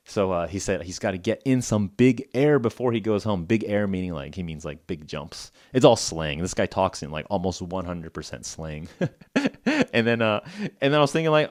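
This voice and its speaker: A man's voice: low-pitched, lively intonation, a little fast, no echo, studio quality. A man hosting a podcast for English learners, telling a story casually in simple words, with lots of "like" and frequent chuckles. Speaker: podcast host.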